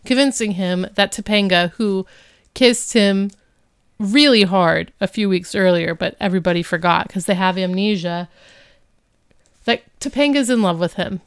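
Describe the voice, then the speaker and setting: A woman co-hosting a casual podcast, wry and animated as she talks through an old sitcom episode. Her voice is smooth and clear. The recording is close and dry. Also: medium pitch, normal speed, dry recording. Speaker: podcast co-host. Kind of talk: casual rewatch podcast chat.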